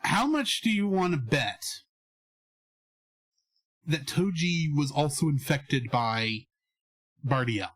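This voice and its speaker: A man's voice: slow, pauses often. A man co-hosting a casual podcast review, acting out scenes and swinging his voice up and down. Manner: animated, acts out scenes with big pitch jumps. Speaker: podcast co-host.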